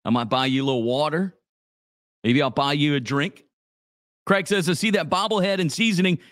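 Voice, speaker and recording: Brisk and fairly high-pitched with a fairly bright tone, a man from Louisiana hosts a live radio morning show in a small office studio. His casual, laid-back chatter is full of "dude" and broken up by sponsor plug reads, with no room sound.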